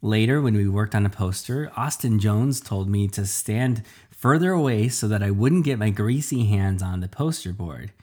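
A man tells a comic first-person story with a dry, deadpan delivery and self-deprecating timing. His voice sits on the low side, and he stammers here and there when the narrator gets nervous. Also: normal speed, hardly any pauses.

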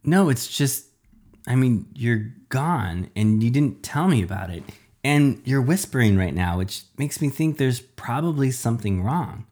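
A man's voice: medium pitch, animated, a little slow, darkish tone. A man voicing a young boy who is a living slice of pizza, eager and worried, in a storybook reading.

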